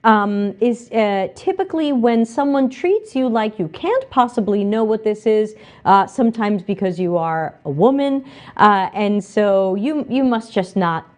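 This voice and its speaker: A woman hosting a livestream, reading viewer comments aloud and answering them with animated emphasis. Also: mid-range voice, unhurried. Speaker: livestream host reading chat.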